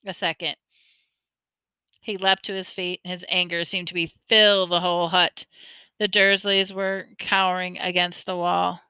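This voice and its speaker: A woman reading a novel aloud with expressive storytelling and small slips, close to a dry mic. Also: on the low side, a little slow, clear, resonant tone, no room sound. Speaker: audiobook reader.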